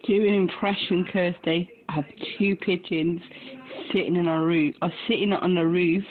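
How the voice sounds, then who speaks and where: A woman's voice: on the low side, steady tone, normal speed, soft background music. A woman chatting and teasing friends over a radio channel, laughing often. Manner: giggly, teasing. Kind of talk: casual radio chat. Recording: tinny radio transmission.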